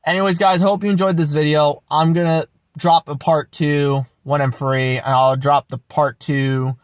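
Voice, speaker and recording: A young man rants into the camera with anger and scorn, swearing and repeating himself for emphasis. His voice sits a little high for a man. The sound is close and dry, with almost no room echo. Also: level tone, normal speed. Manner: angry, mocking, profane, repetitive. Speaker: channel host. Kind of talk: ranting monologue vlog.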